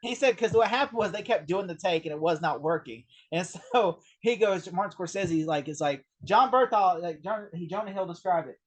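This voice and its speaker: A man in a casual film discussion, retelling behind-the-scenes stories in a rambling, animated way with lots of fillers. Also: high voice, moderate pace, few pauses. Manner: rambling, animated anecdote-telling with many fillers. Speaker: film review co-host.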